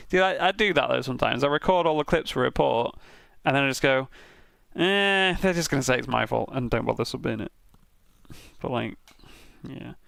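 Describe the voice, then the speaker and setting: A man's voice: a little high, creaky, fairly bright tone, no room sound, studio quality. A British man streaming, giving casual, sweary commentary with frequent laughs as he reviews racing crash clips. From Britain.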